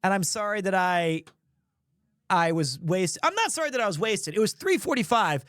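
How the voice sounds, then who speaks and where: A man's voice: high-pitched, expressive, normal speed, a bit bright, no echo, clean studio sound. A man streaming, telling a funny story in a rambling, self-mocking way. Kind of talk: casual storytelling.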